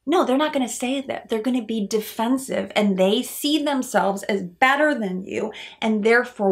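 A woman psychologist giving an educational talk to camera, explaining patiently and asking viewers rhetorical questions. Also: mid-range voice.

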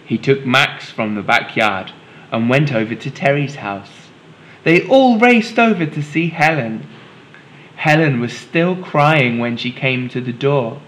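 A man's voice: medium pitch, animated, measured pace, fairly bright tone, rough recording. A man, a teacher, reading a children's storybook aloud and patiently explaining it to young listeners.

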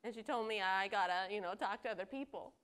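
A woman performing a live improv comedy scene on a theater stage, talking in an earnest, deadpan way. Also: mid-range voice, quick pace, a loud crowd. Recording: noisy live stage recording. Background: audience laughter.

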